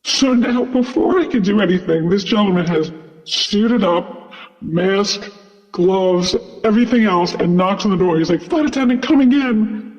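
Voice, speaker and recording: In a voice that sits high and runs a little slow, a man who's a flight attendant shares a casual story, chatty and loaded with "like" and "you know." Long reverb hangs over the dull audio.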